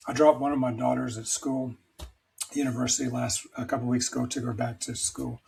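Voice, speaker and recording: A man's voice: medium pitch, flat delivery, brisk, creaky, a little mellow, a little hiss or hum, rough recording. Middle-aged guy on a podcast, rambly and emphatic, pokes fun at himself. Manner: rambling, emphatic, self-deprecating. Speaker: podcast guest. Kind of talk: candid conversational storytelling.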